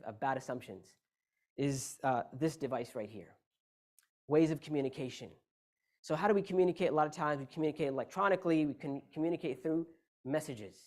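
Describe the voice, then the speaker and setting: A man's voice: a little high, fairly quick, darkish tone. A man giving a Friday sermon in a mosque hall, speaking emphatically, asking rhetorical questions and shifting the stress between words. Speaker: preacher.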